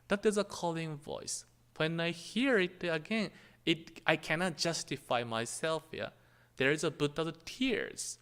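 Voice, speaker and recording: Slow-speaking man giving a dharma talk. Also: fairly high pitch, a bit bright, smooth. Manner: halting, searching phrasing. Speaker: minister. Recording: temple hall reverb.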